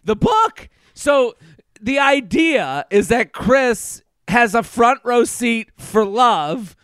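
A man's voice: very high voice, slow, clear, resonant tone, no echo. A man co-hosting a podcast in casual chat, telling stories and acting out what people say. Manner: animated, acts out quotes with crude asides. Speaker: podcast co-host.

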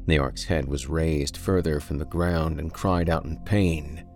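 A man reading a horror story aloud for a podcast in a slow, deliberate, dark way. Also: a bass voice, fairly even intonation, faint music behind. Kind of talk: dramatic horror story narration.

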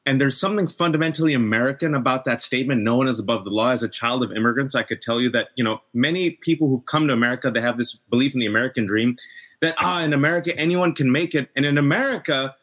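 A man's voice: medium pitch, fast, fairly bright tone. A middle-aged man speaking as a guest in a political discussion, impassioned and emphatic. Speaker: podcast guest.

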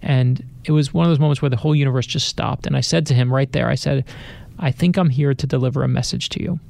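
A man's voice: mid-range voice, quick pace, creaky, a little mellow, dry recording. A middle-aged man, an author, telling personal anecdotes in a radio studio interview, acting out the voices he quotes. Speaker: best-selling author, interview guest. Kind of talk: animated storytelling.

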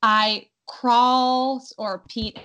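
A young adult woman telling her birth story in a casual, animated way, acting out her own cries in quotes. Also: a little high, very slow, low-quality recording.

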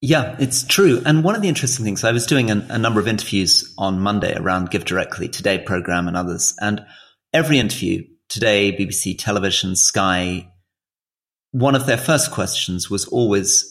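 A man's voice: fairly low pitch, brisk, a bit bright. A man in his forties co-hosting a political podcast, explaining things in an earnest, thoughtful way. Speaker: podcast co-host. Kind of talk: casual political chat.

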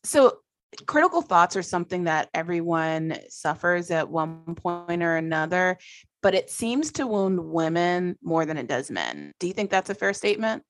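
A woman's voice: on the low side, very animated, moderate pace. A woman hosting a podcast interview, friendly and encouraging as she asks questions. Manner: friendly, encouraging interviewer who laughs along. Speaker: podcast host. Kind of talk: casual interview chat.

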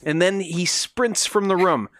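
A man's voice: sits high, unhurried, a bit bright. Wisecracking man on a podcast. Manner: joking, wisecracking. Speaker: podcast co-host. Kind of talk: casual chat.

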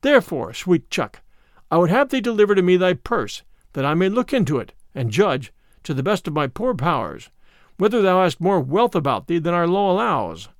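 A man's voice: sits high, big pitch swings, moderate pace, no echo, studio quality. A man voicing a bold outlaw who speaks with mock courtesy and turns stern.

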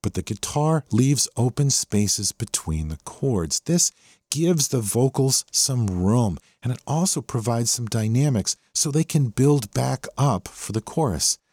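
A man's voice: mid-range voice, lively intonation, a little slow, darkish tone, breathy edge, dry recording, studio quality. A man hosting a track breakdown, explaining a rock song's parts with enthusiasm and a teacherly manner. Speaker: host breaking down a rock song. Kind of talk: explanatory music commentary. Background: the song playing underneath.

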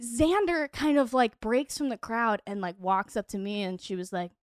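Woman guest rambling through a story, like like like, kinda high, dry close sound. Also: moderate pace, no room sound. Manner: animated storytelling full of "like". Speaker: podcast guest. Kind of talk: casual chat.

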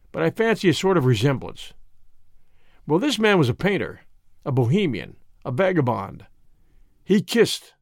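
A sardonic, irritable doctor, as a male reader does him speaks quickly and drily in an audiobook. The voice is fairly high for a man and lively in pitch. The recording is close and dry. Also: no echo. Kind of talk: audiobook reading.

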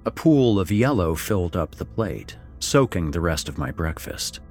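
A middle-aged man narrating a first-person story, expressive and wry, voicing the dialogue. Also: low-pitched, moderate pace. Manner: expressive, swings between wry and somber. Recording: faint background music.

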